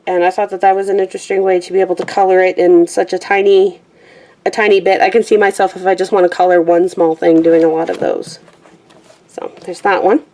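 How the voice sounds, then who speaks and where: A woman's voice: fairly low pitch, level tone, a little fast, dark tone. A young woman chatting casually through her collection, slightly out of breath, often correcting herself and laughing. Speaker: vlogger. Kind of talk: casual rambling chat.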